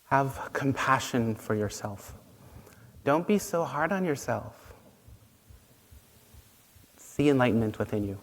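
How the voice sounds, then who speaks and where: A man's voice: medium pitch, expressive, slow pace, long pauses, big-room sound. A man giving a dharma talk as a Buddhist teacher, playful and laughing at his own jokes.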